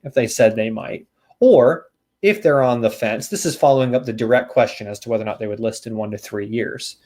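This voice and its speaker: Seminar trainer, male, folksy straight talk, coaching agents, middle pitch. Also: fairly quick, darkish tone. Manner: casual, folksy coaching with acted-out door scripts. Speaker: real estate sales trainer.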